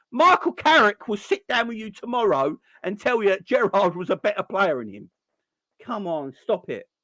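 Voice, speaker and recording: A man's voice: high voice, fairly bright tone, dry recording. Exasperated man ranting. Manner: exasperated, repeats and restarts words when wound up. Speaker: live-stream host. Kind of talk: heated fan rant on a live stream.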